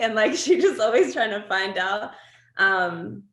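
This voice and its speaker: A woman, a guest in an interview, telling personal stories in an animated way with frequent laughs and fillers. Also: mid-range voice, measured pace, reverberant. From Australia. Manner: animated storytelling, laughs often, many fillers. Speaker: guest artist. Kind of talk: candid conversational interview.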